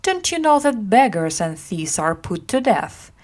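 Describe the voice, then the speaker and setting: A woman voicing a sly, scheming beggar boy in a storybook reading, slow and taunting. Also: medium pitch, big pitch swings, a little mellow.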